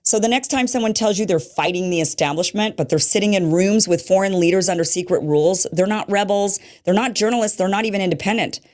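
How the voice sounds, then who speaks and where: A woman's voice: mid-range voice, fast talker, hardly any pauses, a little mellow. A woman hosting a show, giving political commentary in a pointed, rhetorical manner. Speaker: show host.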